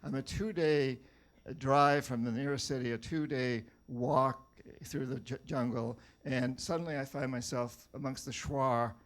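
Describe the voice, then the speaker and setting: A man's voice: medium pitch, fairly even intonation, unhurried. An older man from New Hampshire gives a storytelling talk to a live audience. He tells wry anecdotes and often stumbles over and repeats his words. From New Hampshire, USA. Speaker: author giving a talk.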